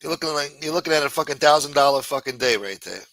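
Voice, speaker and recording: A man's voice: on the high side, animated, fast talker, a bit bright, no echo. A man hosting a live-stream show, chatting casually and reading out viewer comments in a profane, rambling way.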